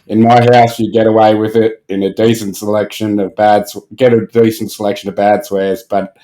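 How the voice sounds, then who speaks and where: A man's voice: lowish voice, little pitch movement, fairly quick, warm tone. Man, podcast host, laid-back, swears a lot, laughs easily. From Australia. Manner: swears freely, laughs often. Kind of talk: casual podcast chat.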